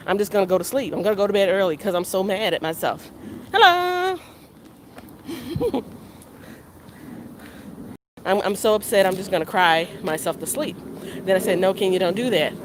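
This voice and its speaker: A woman's voice: mid-range voice, a little fast, a little hiss or hum. A woman talking casually to her vlog camera while walking around her neighborhood, rambling and repeating herself as she candidly criticizes herself. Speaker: vlogger. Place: outdoors on a neighborhood walk.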